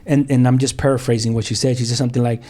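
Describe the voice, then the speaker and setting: A man's voice: medium pitch, little pitch movement, racing, dark tone. A middle-aged man from South Central Los Angeles speaks as a pastor sharing his testimony on a podcast. He tells the story in an easygoing, conversational way, often saying "you know". He acts out the back-and-forth of what people said. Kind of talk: personal testimony in a podcast interview.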